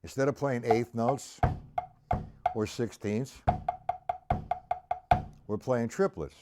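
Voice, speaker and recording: A man giving a drum lesson, moving back and forth between relaxed explanation and counted beats. He speaks slowly at a mid pitch. Loud drumming runs under his voice the whole time. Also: loud music behind the voice. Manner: patient, conversational teaching. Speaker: drum teacher. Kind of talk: live-streamed drum lesson. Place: room with a drum set. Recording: loud drum kit playing behind the voice.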